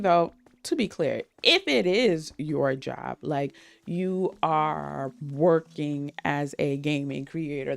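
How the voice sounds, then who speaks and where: A woman's voice: lowish voice, vocal fry. A woman streamer chatting casually with her viewers while playing, laughing often and greeting people in chat. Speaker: game streamer.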